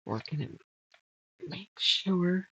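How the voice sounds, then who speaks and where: Woman quilter, gravelly husky voice, slow talk, dull dry sound. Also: on the low side, lively intonation, sharp tone, no echo. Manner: muttering measurements while sorting fabric. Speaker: quilting channel host. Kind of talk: casual sew-along chat.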